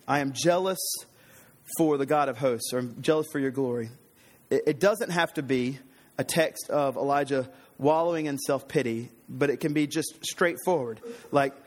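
A man preaching an earnest, conversational sermon, slightly hoarse, often restarting his sentences. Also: a little high, big-room sound. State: slightly hoarse, throat trouble.

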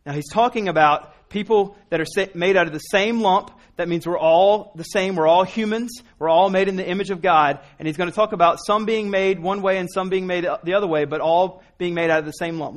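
Man in his thirties, higher-pitched voice, for an earnest, loosely structured Bible teaching full of ums and restarts. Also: fairly quick, few pauses. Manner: earnest, rambling with many restarts and fillers. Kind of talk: informal sermon teaching.

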